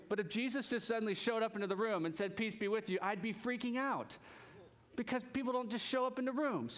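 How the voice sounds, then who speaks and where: A male pastor with a high-pitched voice delivers a relaxed, conversational sermon. He sounds chatty and animated and jokes easily with his congregation.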